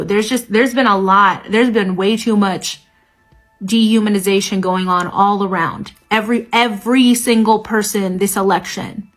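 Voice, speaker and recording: Angry woman ranting. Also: mid-range voice. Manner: angry, emphatic, swearing. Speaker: TikTok creator. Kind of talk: heated political rant to camera.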